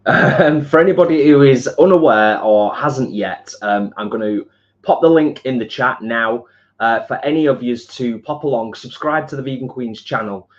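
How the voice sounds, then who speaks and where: A man's voice: mid-range voice, normal speed. A man, co-hosting a live stream in an upbeat way and reading out viewer comments. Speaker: co-host reading chat messages. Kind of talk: casual chat. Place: home kitchen. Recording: dull lo-fi sound.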